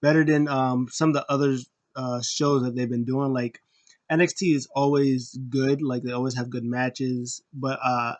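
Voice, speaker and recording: A man casually recapping a wrestling show, rambling with many fillers and restarts, getting animated when he retells what was said. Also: mid-range voice, muffled recording.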